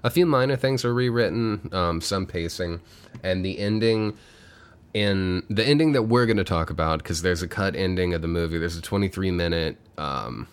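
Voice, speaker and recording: A man's voice: low-pitched, moderate pace, clear, resonant tone. A man co-hosting a podcast, casually retelling a movie plot with a lot of fillers and the odd swear word. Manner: laid-back, with many fillers and some swearing. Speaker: podcast co-host.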